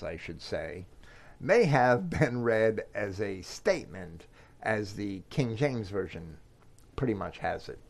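A man giving a scripture commentary, reading verses aloud with measured emphasis. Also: on the low side. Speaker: Bible teacher.

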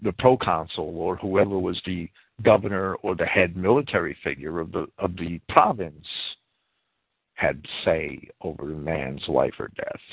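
A man giving verse-by-verse scripture commentary, deliberate and careful, stopping to spell out words and their pronunciations. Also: low-pitched, vocal fry, breathy edge, dry recording. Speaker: Bible commentator. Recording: tinny phone-like dry audio.

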